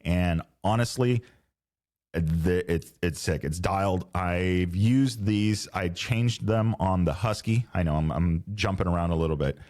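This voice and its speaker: Podcast host, man, middle-aged, very low voice; casual, rambling, slangy, restarts sentences. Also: unhurried, darkish tone. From Southern California. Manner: rambling, self-correcting, laid-back slang. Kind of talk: casual solo podcast chat. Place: home podcast studio.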